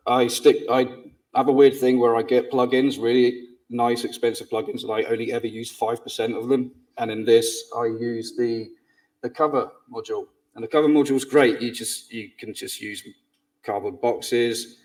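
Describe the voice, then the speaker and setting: A man's voice: medium pitch, a little mellow, recorded from a distance, rough recording. A man giving a conference talk on game sound design in a casual, rambling way with fillers and restarts.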